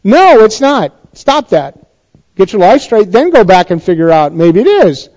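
High-voiced pastor preaching conversationally. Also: male voice, very animated, unhurried, darkish tone, highs cut off. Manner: conversational preaching with rhetorical questions and emphatic rises. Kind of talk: sermon.

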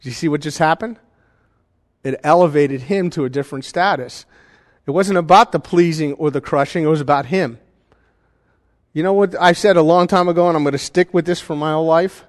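A man's voice: a little high, brisk. Man preaching in a reverberant hall. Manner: conversational preaching, checks in with the congregation. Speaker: pastor. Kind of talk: sermon.

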